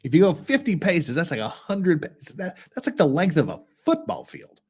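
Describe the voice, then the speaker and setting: Animated higher-voiced man commenting. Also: moderate pace, slightly rough. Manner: conversational, exasperated asides. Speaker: lawyer commentator. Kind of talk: reaction commentary reading a blog aloud.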